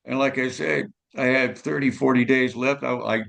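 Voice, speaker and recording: Gravelly older man telling stories. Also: medium pitch, moderate pace, few pauses, a bit bright. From California, USA. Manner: rambling, tag questions, many fillers. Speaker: guest musician. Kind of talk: storytelling interview.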